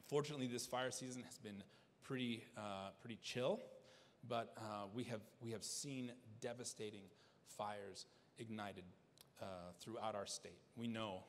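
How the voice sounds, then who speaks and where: A man's voice: on the low side, a little hiss or hum. Preaching man in an echoing church. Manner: earnest preaching with repeated restarts. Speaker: pastor. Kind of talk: sermon. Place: church sanctuary. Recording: long church hall reverb.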